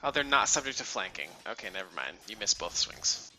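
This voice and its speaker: A man's voice: fairly low pitch, big pitch swings, a little fast, bright, forceful tone, slight background noise, low-quality recording. A man running a tabletop game as game master, joking and swearing while a bit drunk. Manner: jokey, swearing, tipsy-sounding.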